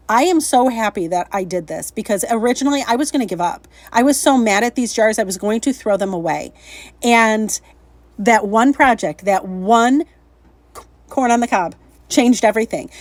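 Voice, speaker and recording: A bubbly woman talks through a craft project, upbeat and self-deprecating, with a fairly high voice. The sound is dry and close, with no room in it. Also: no echo. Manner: chatty, upbeat, self-deprecating, laughs often. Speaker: craft channel host. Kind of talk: casual craft tutorial vlog.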